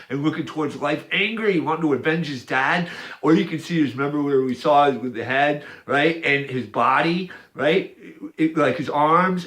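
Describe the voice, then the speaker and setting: A man's voice: a little high, fairly bright tone. Rambling man describing a picture. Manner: rambling, repetitive, hesitant, with restarts. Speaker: video maker. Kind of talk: casual monologue describing an image.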